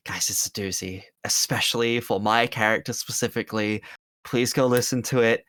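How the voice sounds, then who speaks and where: A man's voice: mid-range voice, steady tone, normal speed, a bit bright, dry recording. A man from the UK, a player on a tabletop game stream, chatting casually at the end of the stream in an upbeat, rambling, self-mocking way. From United Kingdom. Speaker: tabletop game player plugging his projects.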